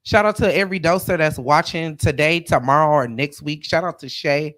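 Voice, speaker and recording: A woman guest on a podcast, loud and joking in casual chat. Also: low voice, a little fast.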